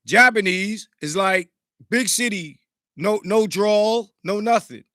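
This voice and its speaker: A man hosting a podcast in a casual, profane, animated way, greeting live chat viewers, sounding slightly congested. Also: high-pitched, slow pace, no echo, clean studio sound. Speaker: podcast host.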